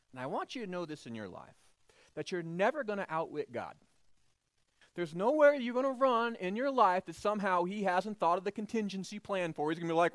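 Animated high-voiced male preacher. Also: no echo. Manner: animated storytelling, acts out voices. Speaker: pastor. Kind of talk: sermon.

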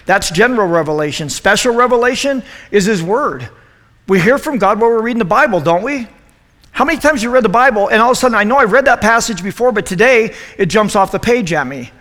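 A middle-aged man as youth pastor, giving an animated, joking sermon to a youth group and asking them questions. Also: sits high, fast, big-room sound.

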